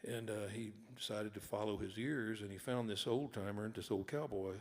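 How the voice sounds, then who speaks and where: Gravelly-voiced man telling stories on stage. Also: on the low side, fairly even intonation, normal speed. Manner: folksy, rambling, wry. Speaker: author and singer-songwriter. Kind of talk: storytelling between songs at a concert. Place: live concert hall with audience. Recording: long hall reverb with guitar.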